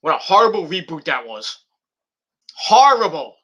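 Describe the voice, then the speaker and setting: A rambling, profane man in his thirties hosting a casual podcast chat. His voice is very bright and his pitch swings all over the place, climbing a little high for a man. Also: animated, moderate pace. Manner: rambling, profane, restarts often, shouts in bursts. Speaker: podcast host.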